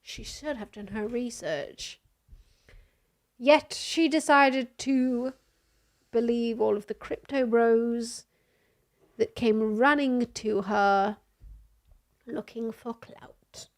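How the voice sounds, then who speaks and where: A woman's voice: a little high, slow, pauses often. A woman streamer reading news aloud in casual commentary, sarcastic and often laughing. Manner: sarcastic, laughing, reads quotes mockingly.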